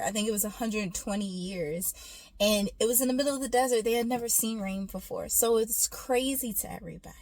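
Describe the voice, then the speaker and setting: A woman's voice: medium pitch, no room sound. A woman giving a casual, faith-based encouraging talk, telling a personal story and coaching the listener with affectionate asides. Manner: warm encouraging, storytelling, calls listener "baby". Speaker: faith and self-care speaker.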